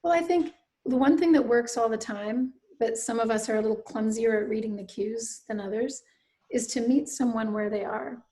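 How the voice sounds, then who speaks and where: A middle-aged writer from Nova Scotia, Canada, speaks as a guest, telling a personal story earnestly and reflectively, often slipping into soft asides. Her voice is a little high and her pace moderate.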